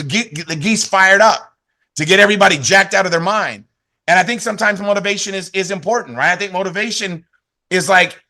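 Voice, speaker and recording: A man giving an energetic motivational training talk to his team over a video call, with lots of repetition and "right?" tags. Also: high voice.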